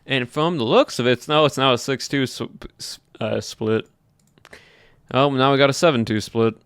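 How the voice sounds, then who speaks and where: A streamer with a Southern US accent chats casually with his livestream viewers, thinking aloud as he polls the chat. His mid-range voice moves at normal speed, fairly bright, clear and resonant, with no room sound.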